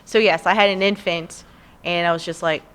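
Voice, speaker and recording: A woman's voice: on the low side, normal speed, smooth. A woman in her thirties with a Southern US accent, chatting as a podcast guest and telling long, rambling stories. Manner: rambling, animated storyteller. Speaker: guest, community theatre actor. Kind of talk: casual podcast chat.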